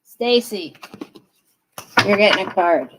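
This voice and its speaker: Woman, tarot reader, live-stream reading, unhurried delivery, chatty with viewers. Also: mid-range voice, lively intonation, noisy background. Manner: chatty, laughing, speaks straight to viewers.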